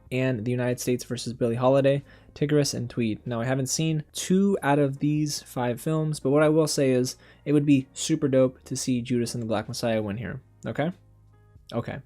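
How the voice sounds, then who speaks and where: Host, young man, casual reaction commentary, worked-up and animated, mid-pitched, faint music underneath. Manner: animated, exasperated, talks straight to viewers. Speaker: film critic and channel host.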